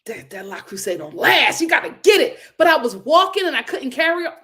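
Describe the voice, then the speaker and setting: A woman hosting a casual reality TV recap, talking in an animated, exclamatory way with lots of incredulous reactions. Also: high-pitched, fairly quick. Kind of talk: casual chat.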